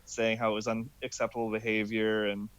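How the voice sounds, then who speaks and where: A man's voice: lowish voice, monotone, brisk, fairly bright tone, clear, resonant tone, highs cut off. Easygoing man telling his story. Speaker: YouTuber guest. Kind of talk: casual chat.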